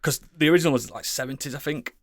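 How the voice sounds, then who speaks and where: A man chatting casually as a podcast co-host, rambling and enthusiastic, swearing often and filling pauses with ums and likes. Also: a little high, dry recording, studio quality. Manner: rambling, enthusiastic, swears a lot, many fillers. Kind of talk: casual chat.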